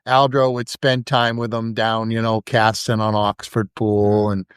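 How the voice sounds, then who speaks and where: Male podcast host, smooth resonant voice, eager storyteller, dry booth sound. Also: fairly low pitch, measured pace, dry recording. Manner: enthusiastic, animated when retelling stories. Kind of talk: conversational interview.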